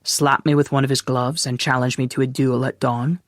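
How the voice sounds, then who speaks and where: A narrator voicing a dry-humored young Scottish man on the run, who speaks in a wry, low and understated way. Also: level tone, moderate pace, no echo, close to an everyday voice.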